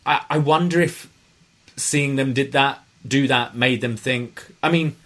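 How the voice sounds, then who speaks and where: A young man co-hosting a casual wrestling review podcast, chatting with enthusiastic, quick-witted banter. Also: medium pitch, a bit bright. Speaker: podcast co-host.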